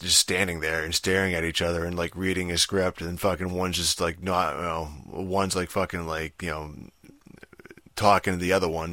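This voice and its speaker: A very deep-voiced man with a forceful, bright edge rambles through a casual rant, packing his talk with swearing and filler. The sound is dry and close, with no room around it. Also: no echo. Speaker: show reviewer.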